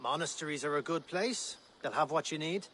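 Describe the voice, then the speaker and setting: An actor with an Irish accent playing a friendly male fur trapper in a video game, steady and helpful. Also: a little high, brisk, a little hiss or hum.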